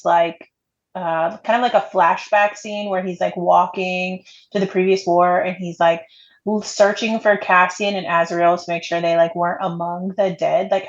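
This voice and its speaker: A woman in casual book chat, chatty and exclaiming. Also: lowish voice. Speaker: book club member. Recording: dull lo-fi sound.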